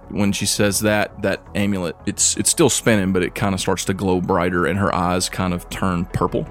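Low-voiced man running a tabletop game. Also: normal speed, hardly any pauses, faint music behind. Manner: relaxed, descriptive with fillers. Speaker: game master.

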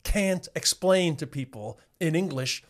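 Guy on a podcast, kinda high voice, lively storyteller, swears a lot. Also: unhurried. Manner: animated, swears freely, restarts often. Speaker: podcast guest, comedian. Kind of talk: casual chat, storytelling.

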